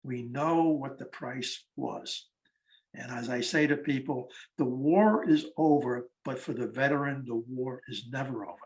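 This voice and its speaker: A man's voice: medium pitch, unhurried. A man of eighty telling stories about the war veterans he interviewed, acting out the conversations. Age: 80s. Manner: animated storyteller acting out conversations. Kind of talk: storytelling talk.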